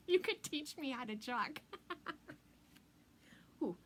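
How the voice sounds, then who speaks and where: A woman's voice: fairly high pitch, very animated, slow pace, vocal fry, long pauses, slight background noise. A chatty woman demonstrates a craft live, easily distracted, laughing often and dropping to a whisper for asides. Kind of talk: live craft tutorial with chat.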